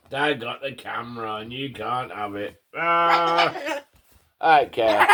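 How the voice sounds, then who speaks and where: A man's voice: medium pitch, sing-song, takes it slowly, bright, forceful tone, a little hiss or hum. A man talking to his pet bird at home, teasing and scolding it and swearing casually. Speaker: pet owner vlogger. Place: indoors at home. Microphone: phone camera held close.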